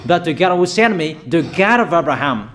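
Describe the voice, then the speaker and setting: A man preaching a declaratory sermon, emphatic and repetitive, addressing listeners directly with halting pauses. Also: a little high, animated, a bit bright.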